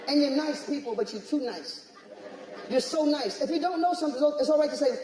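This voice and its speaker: American standup guy, high voice, worked up and exclaiming, big echoey room with crowd. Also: brisk, background noise. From United States. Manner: animated, exclaiming rants. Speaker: stand-up comedian. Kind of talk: stand-up comedy. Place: comedy club stage. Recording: echoey hall with live audience.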